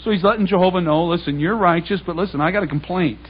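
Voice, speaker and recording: A man giving a talk to a congregation, animated and conversational, retelling scripture in everyday speech. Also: sits high, fast, husky. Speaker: public speaker. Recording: dull lo-fi recording.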